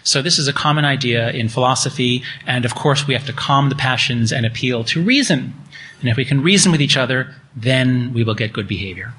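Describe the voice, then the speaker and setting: A man's voice: medium pitch, a bit bright, a little hiss or hum. A middle-aged man lecturing, reading from his own book and acting out quoted voices with animation.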